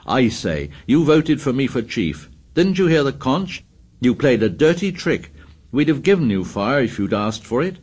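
Brief: indignant determined boy leader, firm and forceful, as a male narrator puts him on. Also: mid-range voice, very animated, moderate pace, slightly rough, pitched above the performer's own voice. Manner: firm, insistent.

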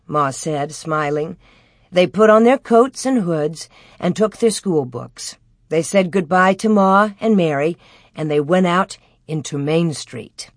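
A woman reading a children's story aloud as scripted narration, in a gentle storytelling manner, raising her pitch for the children's lines. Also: no room sound, clean studio sound. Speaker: audiobook reader.

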